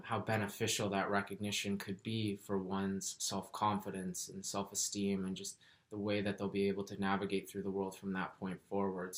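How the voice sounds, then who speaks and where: A man telling a personal story in a soft-spoken, earnest, reflective way. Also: low-pitched. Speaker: vlogger.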